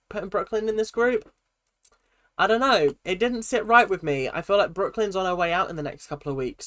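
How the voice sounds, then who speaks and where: A man giving a casual, opinionated recap of a reality show, talking in an animated, rambling way. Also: fairly high pitch, no echo. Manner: chatty, animated, opinionated, with frequent restarts.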